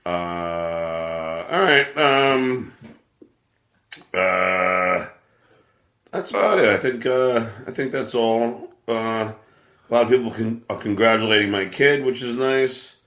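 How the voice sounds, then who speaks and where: Man, low pitch, bright forceful tone, crude joker, casual show host, echoey room. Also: animated, takes it slowly. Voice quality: crude, joking. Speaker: show host taking calls.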